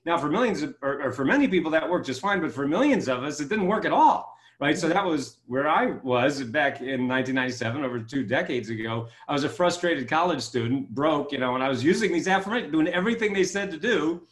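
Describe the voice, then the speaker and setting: Man, author guest, lively storyteller, video call sound. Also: quick pace, few pauses, echoey room. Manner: enthusiastic, acts out quotes with rising pitch. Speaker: guest author and keynote speaker. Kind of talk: animated storytelling interview.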